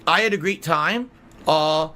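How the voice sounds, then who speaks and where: A man streaming a video game, ranting angrily and swearing heavily, lurching from loud outbursts to low grumbles. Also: a little slow, slight background noise. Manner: angry, profane ranting; swings between high outbursts and low grumbles. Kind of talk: gaming livestream commentary.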